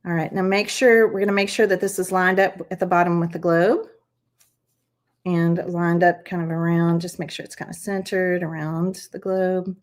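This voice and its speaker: A woman's voice: fairly low pitch, flat delivery, normal speed. A woman hosting a live craft stream, chatting as she demonstrates each step. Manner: chatty, encouraging, talks viewers through each step. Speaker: craft channel host.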